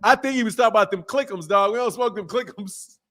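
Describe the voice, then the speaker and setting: A man in his fifties chats on a live boxing stream, thanking viewers and riffing in loose slang. His voice sits a little high for a man, and he laughs often as he talks. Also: quick pace, sharp tone. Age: 50s. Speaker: boxing channel host. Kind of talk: casual live-stream chat.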